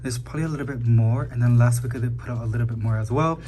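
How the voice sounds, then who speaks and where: A man hosting a casual houseplant tour of his apartment, chatting quickly and calling his plants "girly" as he walks through the rooms. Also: mid-range voice. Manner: chatty, talks fast, calls plants "girly". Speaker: plant channel host. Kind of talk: casual home tour vlog.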